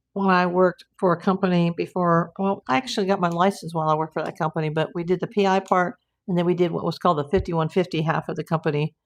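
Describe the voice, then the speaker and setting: A woman with a fairly low voice hosts a casual live stream from home. She is a private investigator and talks in an easy, chatty way as she answers her viewers' comments aloud.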